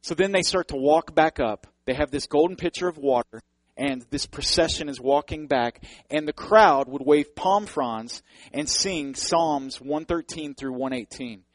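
Male pastor, higher-pitched voice, earnest and fervent, addresses congregation directly; dry, close recording. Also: measured pace, no room sound, low-quality recording. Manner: earnest, building to fervent emphasis. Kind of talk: sermon.

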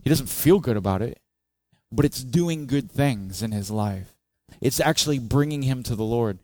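This dry recording captures a man with a mid-range voice preaching at a normal speed. The pastor keeps things conversational, questioning the congregation and expressively acting out the psalmist's cries in a raised voice.

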